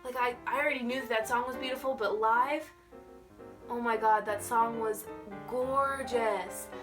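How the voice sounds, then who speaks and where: A young woman vlogger telling a story in a gushing, excitable way, full of "like". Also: fairly high pitch, measured pace, distant mic, over music. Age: young adult. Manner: gushing, excitable, heavy use of "like". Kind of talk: casual storytelling.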